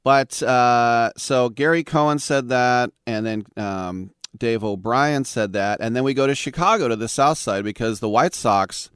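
A man's voice: mid-range voice, a little slow, hardly any pauses, fairly bright tone, smooth, no room sound, studio quality. A man in his fifties from the Bay Area, hosting a sports talk radio show in a wry, rambling monologue with sarcastic asides. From San Francisco Bay Area.

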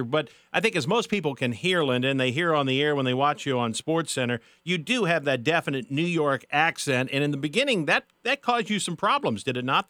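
A male interviewer asks his questions in a measured way, pausing on small hesitations. His voice is bright and a little high. It sounds close and dry, with no room around it. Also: no echo. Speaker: radio interviewer host.

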